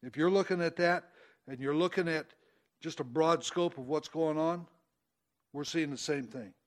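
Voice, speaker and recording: Preacher, male, high-pitched, casual Bible-study delivery, leans into quoted verses. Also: moderate pace. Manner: conversational, folksy, rising emphasis on quoted verses. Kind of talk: informal Bible teaching.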